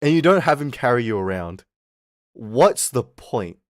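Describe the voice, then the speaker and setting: A man's voice: medium pitch, big pitch swings, unhurried, no echo, studio quality. Rambling profane young man. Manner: rambling, profane, laughing often. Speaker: streamer. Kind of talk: casual livestream chat.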